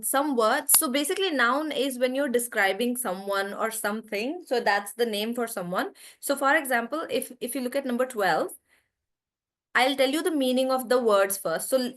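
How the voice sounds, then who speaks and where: A woman's voice: fairly high pitch, fairly bright tone. Woman teaching an online class. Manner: explains patiently, repeats words with stress; talks straight to the students. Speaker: English teacher.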